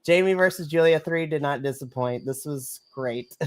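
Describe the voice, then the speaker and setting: A woman, co-hosting a wrestling podcast in an excited chat, gushing and bursting into shrieks and laughter. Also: low voice, moderate pace, no room sound. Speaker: podcast co-host. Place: home setup on a live stream call.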